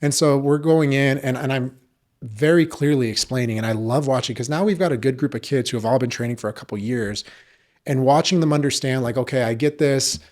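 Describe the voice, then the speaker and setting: This guest is a jiu-jitsu coach who tells loose, meandering stories in casual podcast chat, dropping fillers and curse words freely. He talks fairly quickly in a mid-range, slightly mellow voice.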